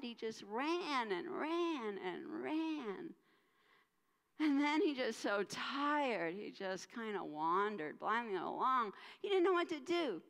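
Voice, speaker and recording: A woman minister narrating a story in a church service, highly animated and slow, savoring every turn. Her bright, ringing voice carries in a long church reverb. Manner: expressive, dramatic storyteller.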